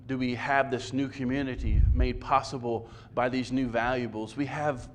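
A man's voice: mid-range voice, a bit bright, slight background noise. A man preaching a sermon as pastor, conversational and self-deprecating, often stumbling and repeating words.

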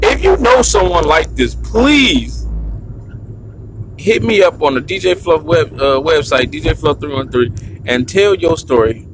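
Ranting, high-voiced man with noisy sound. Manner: animated, rambling, slangy. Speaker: podcast host. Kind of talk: ranting monologue.

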